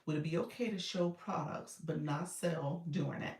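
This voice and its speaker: A woman's voice: low-pitched, moderate pace, darkish tone, roomy sound, distant mic. A woman coaching viewers on a casual livestream, chatty and speaking straight to them as she reads out their comments. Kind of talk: casual live-stream coaching.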